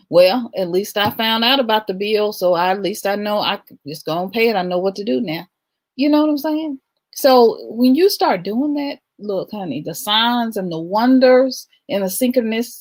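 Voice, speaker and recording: A woman's voice: lowish voice, creaky. A middle-aged woman hosting a livestream, giving an emphatic spiritual talk and often asking "right?". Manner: emphatic, rhythmic, repeats "right?". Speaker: livestream host. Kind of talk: spiritual talk to a live audience.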